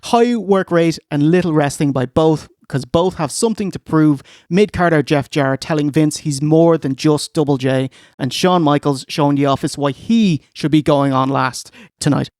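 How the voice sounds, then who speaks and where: An Irish man chatting casually as a podcast co-host, his voice a touch high. The sound is close and dry. He gets animated and slips into impressions. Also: normal speed, few pauses, no room sound. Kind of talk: casual review chat.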